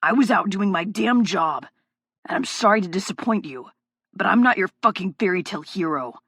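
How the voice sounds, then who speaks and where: A woman voicing a gruff, hot-tempered male FBI agent in an audiobook, curt and swearing. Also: medium pitch, animated, moderate pace, a bit bright, no room sound, studio quality. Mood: angry. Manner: curt, swearing, mutters darkly. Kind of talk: audiobook character voice.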